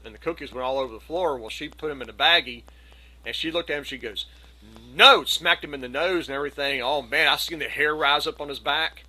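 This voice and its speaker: Bright-voiced man telling a story. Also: fairly high pitch, quick pace, poor audio. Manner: animated anecdote, acts out quoted voices. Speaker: community gathering participant. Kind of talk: casual storytelling. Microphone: video call.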